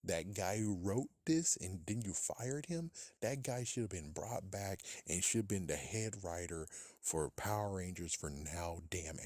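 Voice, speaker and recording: A man's voice: low voice, a little mellow, no echo, clean studio sound. A man hosting a podcast, ranting casually in a profane, exasperated way and laughing at his own jokes. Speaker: podcast host.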